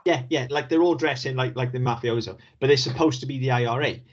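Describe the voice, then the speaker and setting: Male podcast co-host with a husky voice, casual and profane, on dull lo-fi audio. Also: mid-range voice, fast. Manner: sweary, laughing, animated storytelling. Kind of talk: casual film review chat.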